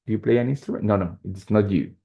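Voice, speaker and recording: A man teaching an online English lesson, explaining slowly and often checking in with "right?" and "yes?". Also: lowish voice, creaky, mellow. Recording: dull lo-fi call audio.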